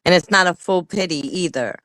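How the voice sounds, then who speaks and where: A woman's voice: fairly low pitch, a little fast, a bit bright, dry recording, low-quality recording. A woman co-hosting a livestream in casual chat, talking bluntly and heatedly with a lot of cursing. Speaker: livestream co-host.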